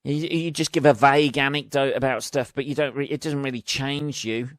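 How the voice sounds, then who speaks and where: A man's voice: mid-range voice, fairly even intonation, brisk, a bit bright, no room sound, clean studio sound. An English man hosting his own podcast, rambling and swearing freely, joking darkly and acting out both sides of imagined conversations. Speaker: podcast host. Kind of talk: casual solo monologue.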